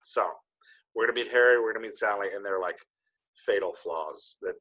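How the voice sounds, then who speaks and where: Male podcast host, rambling jokey chat, husky and pressed. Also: on the low side, brisk, sharp tone. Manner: rambling, self-correcting, jokey. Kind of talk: casual chat.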